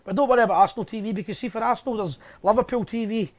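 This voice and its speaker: A Scottish man hosting a live fan show, talking quickly in loose, jokey banter. His voice sits fairly high for a man and rattles along without pause. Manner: chatty, jokey, fast banter. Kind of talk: casual chat.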